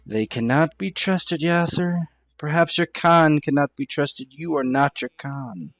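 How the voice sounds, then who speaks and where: A man's voice: a little high, a little slow, fairly bright tone, no room sound, pitched above the performer's own voice. A man voicing a wary, defiant young woman archer, curt and distrustful, in a tabletop game.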